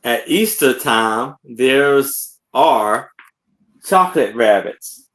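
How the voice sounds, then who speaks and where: A man's voice: medium pitch, lively intonation, fairly bright tone. A man co-hosting a live sale, casually reading out and showing a picture book in simple phrases. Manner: plain, slow, simple phrasing.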